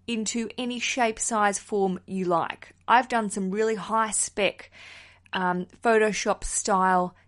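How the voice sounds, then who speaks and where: Young woman podcast host, super chatty and keen, mid-pitch voice, swears here and there. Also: steady tone, slow, a bit bright. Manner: chatty and enthusiastic, swears casually. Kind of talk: casual podcast chat.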